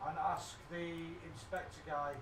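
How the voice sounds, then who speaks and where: High-voiced male player, noisy and distant. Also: little pitch movement, unhurried, vocal fry. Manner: casual, suggesting plans. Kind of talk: tabletop game play. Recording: noisy echoey room mic from afar.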